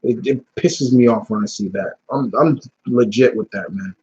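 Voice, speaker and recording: A young man with a husky, slightly breathy voice talks straight into a live stream, blunt and heated, cursing freely and tripping over restarts. His pitch sits in a middle range. The audio is dull and lo-fi, like a cheap stream mic. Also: moderate pace, warm tone. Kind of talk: casual live-stream talk.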